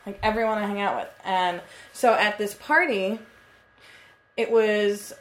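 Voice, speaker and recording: A woman's voice: medium pitch, a little slow. A woman in her twenties co-hosting a casual podcast chat, telling a story in a chatty way and swearing freely. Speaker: podcast co-host. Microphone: computer mic.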